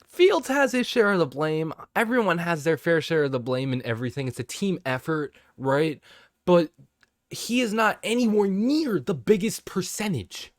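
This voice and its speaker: Male fan vlogger, exasperated rant, swears a lot, lively swooping pitch, dry close sound. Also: normal speed, no room sound. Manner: exasperated, profane, rambling with restarts. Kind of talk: casual ranting monologue to camera.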